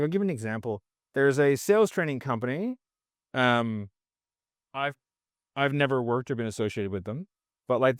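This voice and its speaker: A man's voice: mid-range voice, no room sound, studio quality. A man, guesting on a podcast, ranting bluntly and swearing a lot in casual conversation. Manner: blunt, profane, animated ranting.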